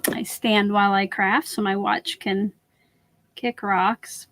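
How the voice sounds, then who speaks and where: A woman's voice: medium pitch, flat delivery, slow, a bit bright, no echo. Woman, craft channel host, live stream, chatty step-by-step talk, standing at her desk, dry voice. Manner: chatty, talks viewers through each step.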